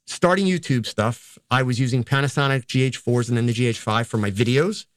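In this interview, an older man who works as a photographer and teacher rambles casually through his stories, often poking fun at himself. He speaks fairly quickly in a mid-range voice, and the recording has no echo.

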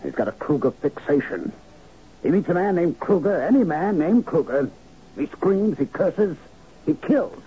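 A man's voice: a little high, lively intonation, a little slow, husky, heavily acted. A man playing a shrewd, scheming executive aide in a 1970s radio drama, brusque and lecturing, on a dull lo-fi broadcast recording. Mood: curt. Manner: brusque, lecturing, explains in analogies. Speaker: corporate fixer.

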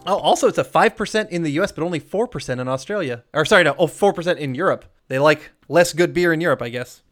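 A man co-hosting a podcast, recapping a film in casual chat, animated, with frequent laughs and rambling asides. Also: a little high, fast talker, soft background music. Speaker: podcast co-host.

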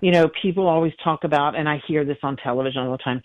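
A middle-aged woman, a psychic medium, telling stories in an interview, animated and acting out quoted voices with frequent laughs. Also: low-pitched, quick pace, no echo. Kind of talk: emotional interview storytelling. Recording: tinny phone line.

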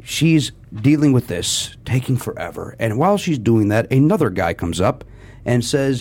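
A man telling a comic story in casual chat, with a carrying voice that has a little edge. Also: normal speed. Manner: animated, jumps into high voices for quoted people. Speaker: podcast regular telling a story.

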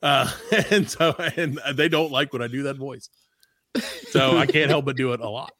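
A man's voice: medium pitch, moderate pace, fairly bright tone, dry recording, clean studio sound. A man hosting a podcast, rambling and joking, laughing often as he talks with friends. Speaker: podcast host. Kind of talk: casual podcast banter. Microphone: headphones in a home studio.

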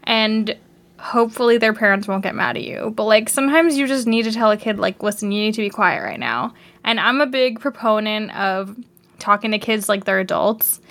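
A young woman with a fairly high voice chats about a show on a podcast. She is lively and opinionated and giggles often as she talks. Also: moderate pace. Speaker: podcast co-host. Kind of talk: casual chat recapping a show.

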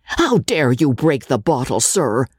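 A woman's voice: very deep voice, sing-song, measured pace, darkish tone, slightly rough, no room sound, studio quality, full character voice. A woman voicing an arrogant teenage school bully in an audiobook, with a sneering, contemptuous delivery. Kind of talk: audiobook reading.

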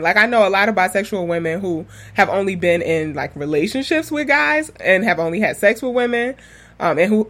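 A woman's voice: on the low side, a bit bright. A young woman hosting a casual podcast monologue, rambling and candid, swearing freely and laughing as she tells her story. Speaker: podcast host.

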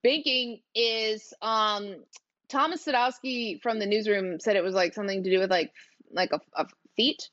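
A woman's voice: medium pitch, normal speed, fairly bright tone, no echo. A woman hosting a casual interview show, bubbly and giggly with plenty of fillers. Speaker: podcast host. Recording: dull dry sound.

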